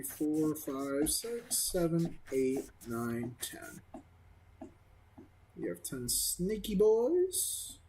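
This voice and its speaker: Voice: mid-range voice, mellow, slight background noise, poor audio. A gaming video creator giving casual let's-play commentary, rambling and self-amused, with many fillers.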